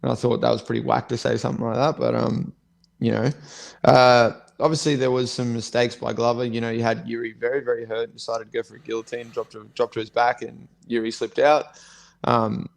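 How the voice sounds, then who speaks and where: Gravelly, flat-voiced man chatting. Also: medium pitch, brisk. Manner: blunt, sweary, rambling. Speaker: co-host, fighter. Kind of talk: casual podcast chat.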